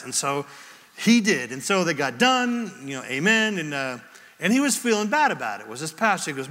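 A man pastor preaching a sermon, telling a story in a lively way and reading out scripture verses. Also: high voice, moderate pace, long reverb tail.

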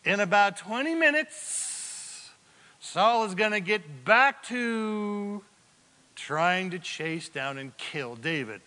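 A male pastor preaching a sermon, telling the story with animated, joking asides. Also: sits high, takes it slowly. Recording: long hall reverb.

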